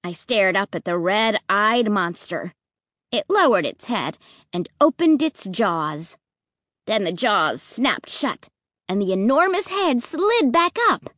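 A woman narrating a children's horror story in the first person with an expressive, suspenseful delivery. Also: medium pitch, slow, no echo, studio quality. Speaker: audiobook narrator.

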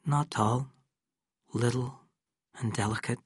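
A man voicing a wounded, dazed young husband who answers softly and haltingly. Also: medium pitch, steady tone, slightly rough, no echo. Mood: quiet, dazed. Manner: soft, quiet, faltering.

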